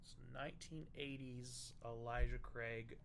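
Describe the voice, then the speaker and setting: Young guy joking around on a whiskey stream, bright sharp voice, faint background hum. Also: mid-range voice, steady tone, unhurried. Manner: loose and joking, tasting bourbon on stream. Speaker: livestream host. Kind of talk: casual tasting chat.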